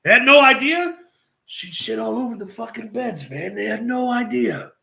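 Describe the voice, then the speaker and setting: A man doing an impression of a gruff, profane veteran wrestler telling road stories in a low, slow drawl. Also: expressive, sharp tone, echoey room, exaggerated voice. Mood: mischievous.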